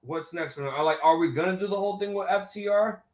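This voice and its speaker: Excitable high-voiced man, swearing freely. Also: a little fast. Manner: excitable, profane, frequent restarts. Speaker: podcast host. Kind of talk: casual wrestling reaction chat.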